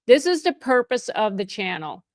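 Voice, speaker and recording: A middle-aged woman, a real estate agent, hosts a livestream Q&A and answers viewer chat in a mid-range, sing-song voice at a moderate pace. She's chatty and conversational, often restarting and correcting herself mid-sentence, and she's openly emotional and effusive toward her viewers.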